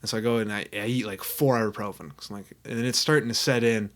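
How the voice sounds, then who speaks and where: A man's voice: fairly low pitch, fairly even intonation, fast talker, fairly bright tone. A young adult man, a podcast guest, telling a story in casual chat and laughing often as he talks.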